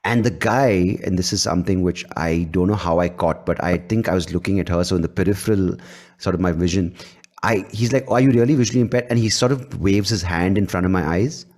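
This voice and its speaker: Male podcast host; low voice, frank, animated, casual swearing. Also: brisk. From India. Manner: blunt, animated, swears freely. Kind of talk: casual interview chat.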